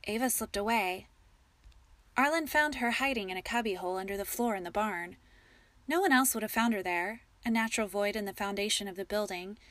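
A woman narrating a story in a calm, measured storytelling manner. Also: mid-range voice, dry recording. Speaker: audiobook narrator.

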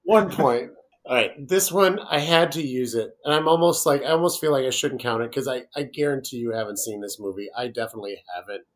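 A man hosting a casual podcast, running a movie quote quiz with animated readings. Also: mid-range voice, a little fast. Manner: reads movie quotes in exaggerated impressions. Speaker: podcast host.

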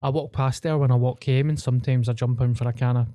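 A man's voice: medium pitch, fairly even intonation, fast, dark tone, no echo. A young Glaswegian man in casual, sweary podcast banter. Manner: sweary, laid-back banter. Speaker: podcast co-host. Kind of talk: casual chat.

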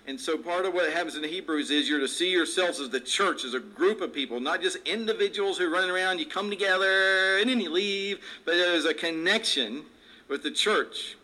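Bright-voiced preacher man. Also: mid-range voice, low-quality recording. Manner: conversational preaching with asides and jokes. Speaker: pastor. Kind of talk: sermon.

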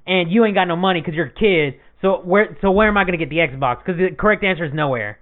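Young man, high voice, quick talker, animated storyteller, phone-like tinny audio. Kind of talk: casual chat.

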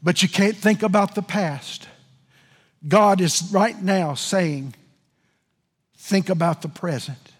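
A man preaching a sermon to a congregation, moving from hushed pleading to shouting. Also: sits high, slow pace, long pauses, husky. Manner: preaching with swings from soft to shouting. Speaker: pastor. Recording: long hall reverb with faint music.

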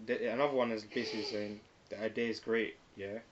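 Fast-talking young man, slightly muffled. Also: on the low side. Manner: quick and animated, slangy, breaks into put-on quotes. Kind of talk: casual banter. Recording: slightly dull recording with faint hiss.

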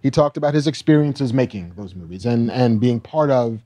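A man co-hosting a podcast, chatting casually about entertainment news. His voice is mellow and relaxed, and he sits close to the mic in a dry, dead room. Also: mid-range voice, moderate pace, no echo. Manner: relaxed, conversational, fond of reading quotes aloud. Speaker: podcast co-host.

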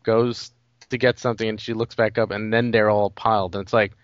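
A man's voice: fairly low pitch, little pitch movement, brisk, no room sound, dull audio. A man co-hosting a casual movie podcast, rambling and leaning on "like" and "you know.". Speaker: podcast co-host.

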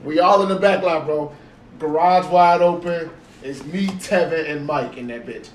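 An animated young man, telling a story to friends with swearing and constant emphatic repetition. He sits back from the mic in an echoey room with faint noise behind him. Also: a little high, unhurried, recorded from a distance. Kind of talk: casual storytelling among friends.

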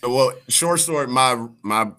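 A man's voice: medium pitch, slow, bright, forceful tone. A male comedian guest telling stories and jokes in a casual podcast chat. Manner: storytelling, joking.

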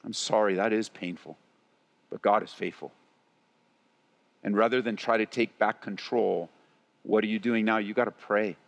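A male pastor preaching a sermon, acting out worried parents in quick asides and moving between loud emphasis and quiet appeals. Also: fairly low pitch, steady tone, vocal fry. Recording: long reverb of a large hall.

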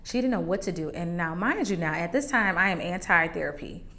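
A woman's voice: on the low side, lively intonation, fairly quick, bright, forceful tone. A woman hosting a faith podcast, candidly sharing a personal testimony in a conversational way that turns emotional at times. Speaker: podcast host.

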